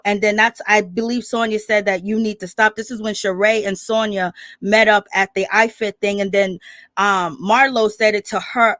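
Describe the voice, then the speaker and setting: Bright-toned woman in chatty rambling commentary. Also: on the high side, no echo, clean studio sound. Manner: rambling, chatty, opinionated, laughs often. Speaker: reality TV recap commentator. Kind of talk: casual commentary.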